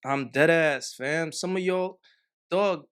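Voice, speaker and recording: A man's voice: on the high side, slow pace, a bit bright, smooth. A man hosting a reaction video, talking to his viewers in casual, emphatic slang.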